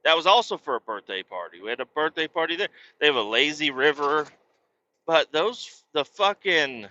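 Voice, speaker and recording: A man's voice: on the high side, lo-fi sound. A man in his thirties, hosting a podcast, telling rambling stories with plenty of swearing. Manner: profane, rambling and animated. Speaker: podcast host. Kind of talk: casual storytelling chat.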